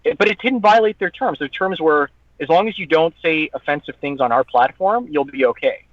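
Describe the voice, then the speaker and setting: High-voiced man ranting in lo-fi audio. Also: fairly quick, dry recording. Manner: heated, profane ranting with mocking quoted voices. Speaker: guest, online content creator. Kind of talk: casual podcast chat. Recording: dull lo-fi dry audio.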